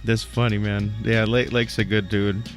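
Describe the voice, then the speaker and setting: A male radio host running a casual interview, relaxed and quick to laugh along with his guest. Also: lowish voice, faint music behind. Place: radio station studio.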